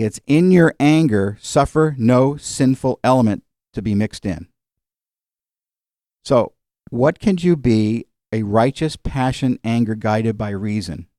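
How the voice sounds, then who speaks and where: A man preaching a sermon, talking his listeners through the point like a teacher and tossing questions back at them. His voice sits on the low side with a warm, mellow tone. The sound is dry and close, with no room echo. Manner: teaching, conversational, asks the audience questions.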